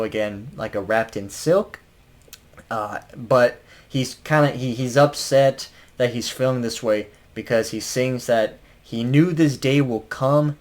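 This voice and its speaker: A man's voice: mid-range voice, steady tone, unhurried. A man casually reviewing an album, rambling with lots of fillers and restarts and chuckling now and then. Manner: chuckles while talking.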